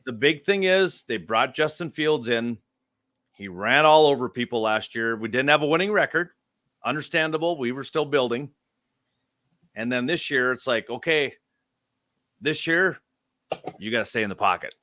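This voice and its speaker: A man's voice: mid-range voice, expressive, moderate pace, pauses often, pushed and bright, no room sound. Opinionated man, dry close sound. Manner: opinionated, emphatic. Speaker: co-host. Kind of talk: casual sports chat.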